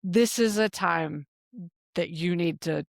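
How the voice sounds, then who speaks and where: Gravelly-voiced woman telling a story. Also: fairly low pitch, takes it slowly, no room sound, studio quality. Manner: storytelling, animated, swears freely. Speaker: podcast co-host. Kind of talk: casual chat.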